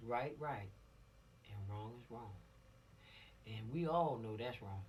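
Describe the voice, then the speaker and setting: A man's voice: on the low side, takes it slowly, far from the mic, slight background noise. Emphatic man lecturing teens. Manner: emphatic, preachy, repeats points to drive them home. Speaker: law instructor for teens. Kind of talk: informal spoken lesson.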